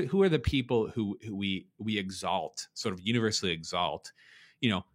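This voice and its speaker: A man's voice: on the low side, a bit bright. A man giving a conversational lecture, thinking aloud with frequent restarts and checking in with "right?". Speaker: speaker explaining ideas on beauty and art.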